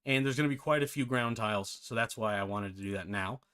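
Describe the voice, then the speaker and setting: A man's voice: fairly low pitch, quick pace, a bit bright, clean tone. Chatty man teaching on a livestream. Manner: chatty, self-deprecating, laughs often. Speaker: game development tutor. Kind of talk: live-streamed coding tutorial.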